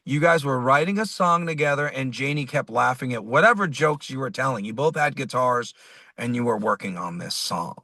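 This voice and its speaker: A man's voice: mid-range voice, a little fast, dry recording. A man, a musician being interviewed, telling a rambling story and acting out the dialogue as he goes. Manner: animated, rambling, acts out quoted dialogue. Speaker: musician guest.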